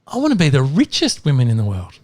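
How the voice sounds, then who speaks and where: A man voicing a vain, scheming woman in a told joke, in a high put-on voice. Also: wildly swooping pitch, quick pace, darkish tone. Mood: sly.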